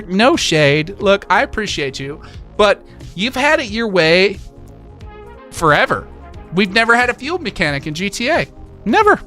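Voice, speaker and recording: A man hosting a livestream, chatting with his viewers in a lively, excitable way. His voice is bright and a little high, full of filler words and quick hype. Faint music sits underneath. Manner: animated, hyping, lots of filler words. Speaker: livestream host. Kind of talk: casual livestream chat, reading chat messages.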